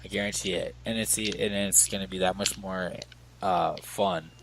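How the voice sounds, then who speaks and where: A man hosting a podcast, teasing his guest in loud, playful casual banter. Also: low-pitched, fairly even intonation, normal speed, creaky, noisy background. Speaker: podcast host.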